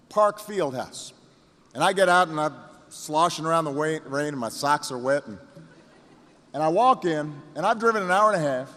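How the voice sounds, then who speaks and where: A man giving a campaign rally speech, telling a story with repeated phrases and pauses that builds to rousing shouts, recorded in a reverberant hall. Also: high-pitched. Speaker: political candidate.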